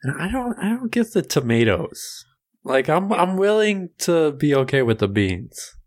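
A man's voice: fairly high pitch, very animated, measured pace. A young man co-hosting a podcast, laughing and playful in casual banter. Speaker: podcast co-host.

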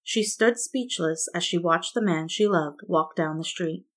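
Casting: female story narrator, steady read, a touch low. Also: measured pace. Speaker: fan fiction reader.

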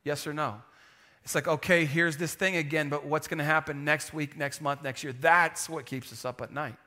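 A male pastor preaching with lively, joking energy, the voice pitched high and bright. He calls for responses from the room and now and then sinks to a near-hush for emphasis. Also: moderate pace. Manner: animated, call-and-response preaching with humor. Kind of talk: sermon.

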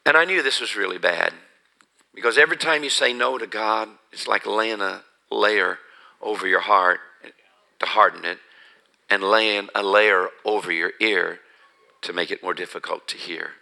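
A man's voice: on the low side, moderate pace, gravelly, sharp tone, low-quality recording. A man preacher telling his personal testimony as a sermon, earnest and building to emphasis. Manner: earnest storytelling, rising to emphatic.

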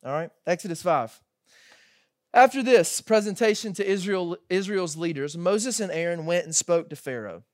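A man in his thirties delivers a sermon with a notably high voice, conversational and animated, slipping into quoted voices as he retells the story. The sound is dry and close, with no room echo. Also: normal speed. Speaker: pastor.

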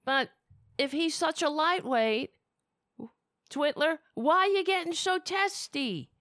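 A woman hosts a live political stream, swearing freely and mocking with sarcasm. Her pitch swings widely while her delivery stays unhurried. The recording is close and dry. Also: no echo. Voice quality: sarcastic, profane, animated. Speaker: political commentary host. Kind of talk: profane live-stream commentary.

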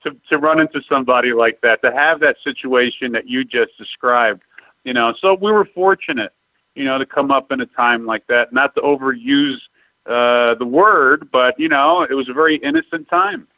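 A man's voice: medium pitch, moderate pace, no echo. A man in his fifties hosting a podcast, reminiscing in a nostalgic, reflective way in casual chat. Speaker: podcast host. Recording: dry, dull lo-fi audio.

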